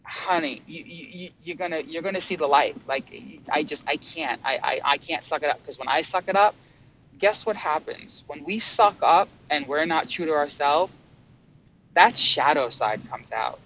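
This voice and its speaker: Brief: man with a slightly raised voice, rambling and excitable, swearing and restarting mid-sentence; dull recording with a faint hum underneath. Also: on the high side, normal speed. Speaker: spiritual vlogger. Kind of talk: casual monologue about spiritual experiences.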